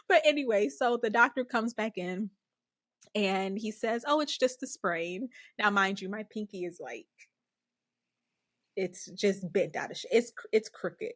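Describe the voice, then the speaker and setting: A woman hosting a podcast, telling a personal story in a casual, unhurried way and chuckling often between phrases. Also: mid-range voice, fairly bright tone, no room sound, studio quality. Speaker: podcast host.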